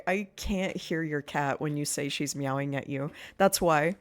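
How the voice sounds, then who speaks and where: A woman's voice: fairly low pitch, steady tone, moderate pace, hardly any pauses, smooth, faint music behind. A woman streamer chatting casually and playfully to her viewers while she plays a game, often breaking into giggles. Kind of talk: casual live-stream chat while gaming.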